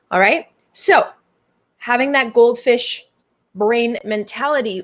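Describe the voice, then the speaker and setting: A woman from Canada with a Canadian accent, a business coach chatting casually to her audience on a livestream, playful and bubbly with silly made-up words. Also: on the high side.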